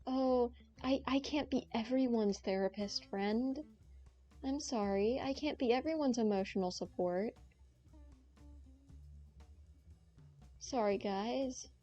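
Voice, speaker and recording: A woman's voice: on the high side, unhurried, warm tone, soft background music, natural voice. A woman voicing an overly supportive young woman bandmate who talks in a soothing, cheerleading way. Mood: apologetic. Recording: dull lo-fi stream audio.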